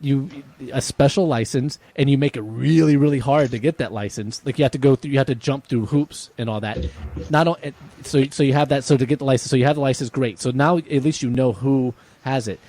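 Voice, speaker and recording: A man's voice: medium pitch, fairly quick, mellow. A man co-hosting a podcast, talking things through in a loose, rambling way. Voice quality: rambling, many restarts and fillers. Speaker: podcast co-host. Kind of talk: casual chat.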